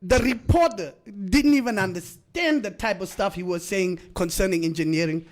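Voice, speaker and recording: A man co-hosts a morning radio show in loose, playful banter. His voice is high for a man, and he tells his stories in a chatty, easygoing way. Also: moderate pace. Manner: storytelling, playful. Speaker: radio co-host. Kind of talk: casual banter.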